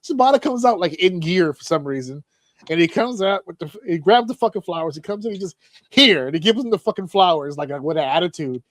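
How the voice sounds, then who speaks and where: A man co-hosting a podcast, telling a story in casual chat with lots of swearing and animated excitement. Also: high voice, quick pace, no echo. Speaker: podcast co-host.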